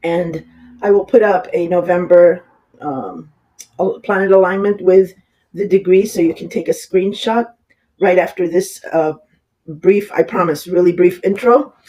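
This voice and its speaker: An astrologer with a cold and a raspy voice, giving a casual horoscope reading that rambles, with many fillers and restarts, and often apologizing. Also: mid-range voice, unhurried, dark tone, poor audio. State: has a cold.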